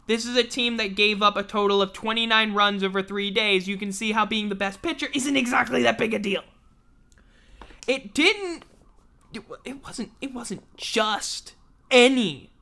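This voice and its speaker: A woman's voice: on the high side, bright, forceful tone. A woman hosting a casual livestream sports show, ranting in an exasperated, profane way. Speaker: sports talk show host.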